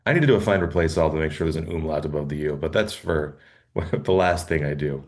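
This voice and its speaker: A man's voice: very deep voice, fast, a little mellow. A man co-hosting a comedy podcast, reading a draft email aloud in casual chat and laughing often between lines. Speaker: podcast co-host.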